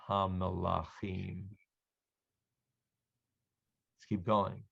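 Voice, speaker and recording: A man leads an adult Hebrew reading class over a video call, sounding out each word slowly and patiently so his students can echo it. His voice is low and smooth. The call audio is slightly dull and muffled. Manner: slow, patient, sounding out words for learners to repeat. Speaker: Hebrew teacher. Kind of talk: online adult language lesson.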